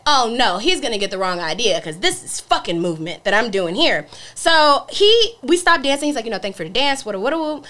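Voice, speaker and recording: A young woman, co-hosting a podcast and telling animated, profane stories, acting out the people in them. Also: high voice. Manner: animated, profane storytelling with voiced quotes. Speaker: podcast co-host. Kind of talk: casual storytelling chat.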